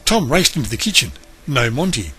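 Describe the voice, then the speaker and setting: A man reads a children's story aloud with animated expression, his bright, clear voice at an ordinary pitch rising and falling with each turn of the tale. He goes a little fast, with soft music playing faintly in the background.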